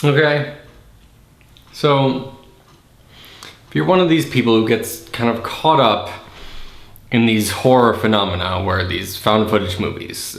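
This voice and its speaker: Male podcast host, mid-pitched, sarcastic, casual movie riffing, echoey room. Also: fairly bright tone. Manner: sarcastic, acts out scenes in silly voices. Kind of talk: casual comedic movie critique. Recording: roomy echo.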